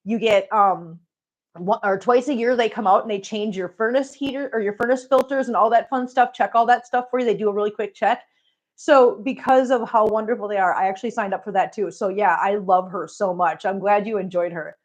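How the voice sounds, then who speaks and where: A woman's voice: medium pitch, steady tone, brisk. A middle-aged woman chatting casually on a home livestream, greeting viewers by name as she talks. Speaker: cat channel host.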